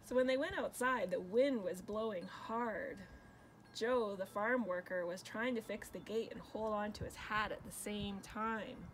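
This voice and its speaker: A woman reading a picture book aloud for children, pausing to ask her listeners questions. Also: medium pitch, a little hiss or hum, low-quality recording.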